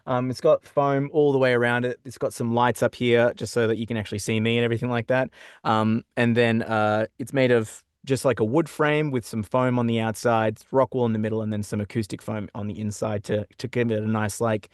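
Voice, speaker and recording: A man's voice: medium pitch, flat delivery, brisk, clear, resonant tone, no echo, studio quality. A young Australian man, a voice actor, talking casually in a podcast interview from a small foam-lined home booth, rambling with many fillers and restarts. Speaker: guest voice actor. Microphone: studio condenser mic.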